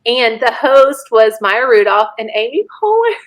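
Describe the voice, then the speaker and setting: A woman in her forties, a podcast guest, telling a story in an animated, laughing way and acting out the quotes. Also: on the high side, a little slow, low-quality recording. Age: 40s. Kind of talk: casual storytelling chat.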